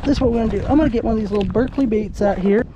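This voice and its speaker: A man from Idaho giving excited, chatty commentary to the camera while fishing from a kayak on a lake. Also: sits high, rapid-fire, dull audio, background noise. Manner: excitable, exclaiming, chatty with viewers. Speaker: fishing vlogger. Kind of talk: casual outdoor commentary to camera. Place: kayak on an open lake outdoors. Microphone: handheld camera.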